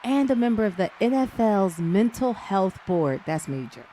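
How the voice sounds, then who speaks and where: A woman's voice: mid-range voice, very animated, normal speed, dark tone, slight background noise. A woman co-host introducing a guest in an upbeat, announcing way.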